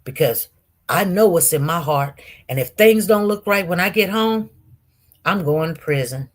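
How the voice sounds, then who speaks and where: A woman telling viewers a personal testimony with great intensity, swinging from loud outbursts to hushed murmurs and often repeating herself. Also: on the low side, lively intonation, normal speed. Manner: repetitive, restarts. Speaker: online show host.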